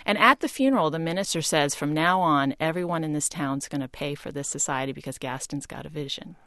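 A woman historian, a guest in a broadcast interview, explaining events in a storytelling way that grows animated in places. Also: deep voice, a little fast, dry recording, clean studio sound.

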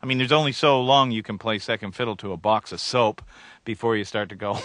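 Man, comedian guest, wry rambling stories, low forceful voice, dry close sound. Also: fairly quick, dry recording. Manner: wry, rambling, chuckling storyteller. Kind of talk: casual interview talk.

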